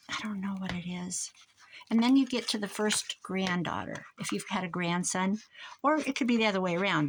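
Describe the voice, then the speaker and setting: This craft vlogger, an older American grandmother, keeps up a rambling, chatty stream of talk as she works on a project. Her voice is fairly low with vocal fry, and background noise can be heard.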